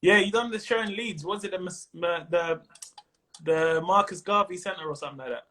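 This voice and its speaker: A man's voice: high-pitched, normal speed, sharp tone. A man with a London accent chatting casually and jokily as a comedian guest on a video call, full of slang. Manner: slangy, jokey, laughs often. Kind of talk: casual chat.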